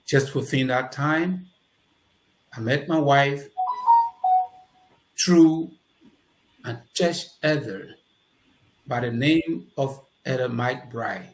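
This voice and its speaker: This man speaks Liberian English at a medium pitch, slowly and with long pauses. He's a guest recounting his life story in conversation, animated and performing the dialogue he remembers, in a roomy, echoey space.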